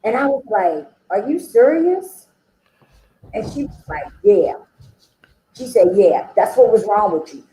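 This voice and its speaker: A woman sits at a meeting and tells her recovery story in a chatty, animated way, with her voice rising and falling widely. She acts out the lines she quotes and keeps checking in with "okay?" and "you know?" The sound is roomy and echoey, with a faint hiss underneath. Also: medium pitch, normal speed. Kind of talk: personal recovery testimony.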